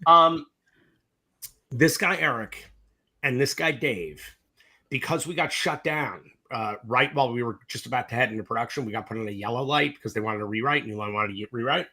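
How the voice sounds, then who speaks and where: A middle-aged man, a film director from the US East Coast, telling stories in a casual interview, animated and profane, acting out both sides of the conversations. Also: medium pitch, fairly quick.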